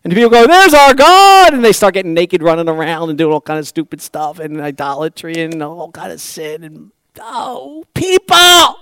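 Recorded dry and close with no echo, a pastor with a high, smooth, resonant voice delivers an expressive sermon at normal speed with few pauses. He keeps asking the congregation rhetorical questions, alternating hushed asides with loud, emphatic passages.

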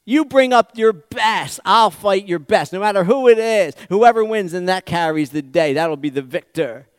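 A man puts on a booming giant warrior, boastful and slow as he lays down his challenge. The voice is raised and high-set, and the room sounds dry and close. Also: clear, resonant tone, no room sound, natural voice. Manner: loud and booming.

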